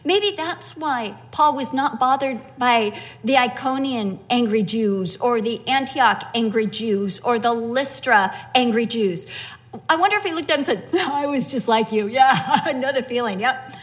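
A woman preaching a sermon, moving between low, earnest emphasis and lively, high-pitched storytelling. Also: a little slow, big-room sound. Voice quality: animated, swings from low earnest tones to high excited storytelling. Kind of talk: sermon with humorous personal story.

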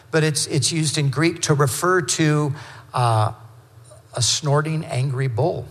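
A man preaching a sermon, teaching through scripture verse by verse in a conversational way, with quick asides and self-corrections. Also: on the high side, a bit bright, in a large hall. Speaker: pastor.

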